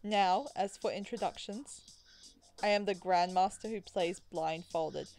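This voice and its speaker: A woman voicing a smug, theatrical male vampire who speaks in a slow, emphatic Southern drawl, melodic like a preacher. She reads his lines aloud while playing a visual novel. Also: high voice, gravelly, a little mellow, faint music behind.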